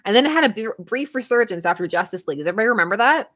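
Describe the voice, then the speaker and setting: A woman's voice: mid-range voice, animated, racing, fairly bright tone. Chatty young woman streamer, laughing often. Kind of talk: casual live-stream chat.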